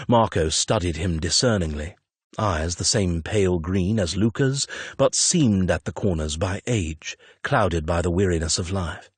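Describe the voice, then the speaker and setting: Male audiobook narrator; measured, low, a little husky, dry close read. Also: no room sound. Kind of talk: scripted narration.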